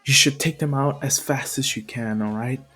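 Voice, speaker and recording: A man's voice: mid-range voice, moderate pace, bright, forceful tone, slightly rough. A man voicing a stern male mentor firmly lecturing his pupil. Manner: lecturing, firm.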